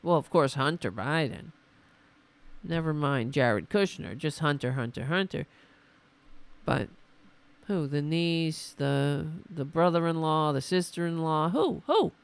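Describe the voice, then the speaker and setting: Hoarse lady ranting sarcastically on her stream, slow gravelly drawl, kinda losing her voice. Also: low voice, expressive. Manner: sarcastic, exasperated, rambling. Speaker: livestream host. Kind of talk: sarcastic political commentary.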